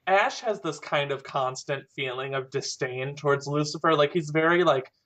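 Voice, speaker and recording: A man's voice: on the high side, normal speed, fairly bright tone. Rambling young man chatting casually. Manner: rambling, filler-heavy, dry humor. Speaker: podcast co-host discussing fan fiction. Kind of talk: casual chat.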